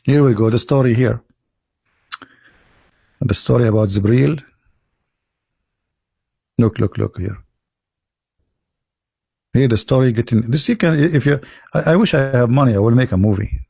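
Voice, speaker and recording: A man's voice: medium pitch, unhurried, gravelly, pauses often, warm tone, husky, no room sound. A male livestream host talking casually in a mocking, sarcastic and rambling way. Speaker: online debate host.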